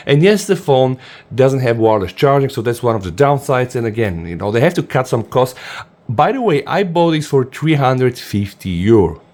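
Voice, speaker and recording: A man's voice: mid-range voice, darkish tone. Eager man reviewing a phone. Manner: enthusiastic, often says "guys". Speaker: tech reviewer. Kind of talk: casual unboxing review.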